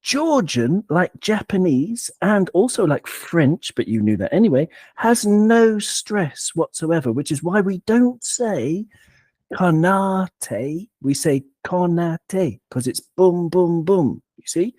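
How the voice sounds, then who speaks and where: Lively, animated male podcast host. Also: sits high, unhurried, few pauses, dry recording, studio quality. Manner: animated, digressive, playful. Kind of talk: casual football chat.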